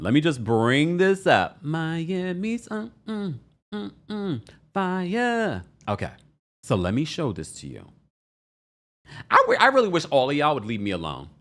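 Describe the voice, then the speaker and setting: A man's voice: fairly low pitch, fairly bright tone. A man hosting a live reality-TV recap in a casual, chatty way, often laughing and repeating himself. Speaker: recap show host.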